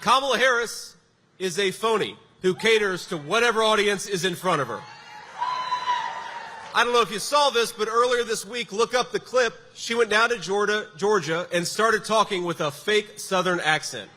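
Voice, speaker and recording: A man stirs up a crowd with a campaign rally speech, his voice bright and sitting high for a man. He hits lines with emphatic force and slips in sarcastic asides. The sound carries a long hall echo with faint noise underneath. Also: moderate pace. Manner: emphatic, punchy delivery with sarcastic jabs. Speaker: political candidate at a rally. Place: large rally venue before a crowd.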